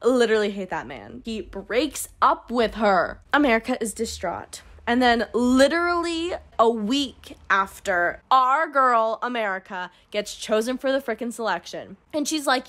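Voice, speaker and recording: A young woman giving a casual, sarcastic book recap, acting out the characters' lines in quick bursts. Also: on the high side, very animated, a bit bright. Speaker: book reviewer.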